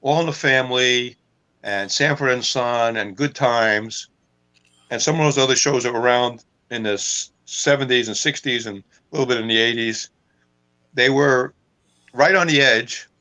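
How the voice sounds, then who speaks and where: A man's voice: mid-range voice, normal speed, bright, forceful tone, poor audio. A man co-hosting a casual podcast, telling long rambling anecdotes and laughing at his own jokes. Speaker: co-host.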